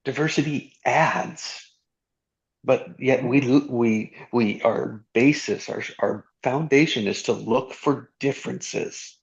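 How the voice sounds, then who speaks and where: Man, host, mid pitch, gravelly, musing, slows for emphasis, dull video-call sound. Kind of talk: reflective group conversation.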